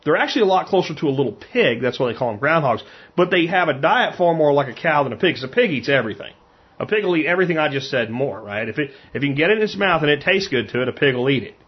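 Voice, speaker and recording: Man, from Pennsylvania, hunter, husky, rambling, frank storyteller, dull muffled sound. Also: a little high, animated, fast talker. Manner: rambling, frank, repeats words often. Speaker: hunter and cook. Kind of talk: casual storytelling.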